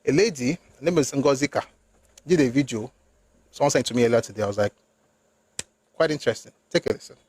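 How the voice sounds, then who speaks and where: A man's voice: medium pitch, expressive, quick pace, a little mellow. A man giving an opinionated political monologue, emphatic and rhetorical, slipping into phrases. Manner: emphatic, rhetorical, rising into indignant outbursts; switches between English and Yoruba. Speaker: political commentator.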